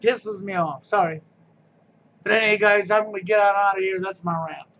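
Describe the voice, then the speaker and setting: A man's voice: sits high, steady tone, fairly quick, a bit bright, highs cut off. A man giving a sarcastic, mocking rant on a live stream, blunt and frustrated in tone.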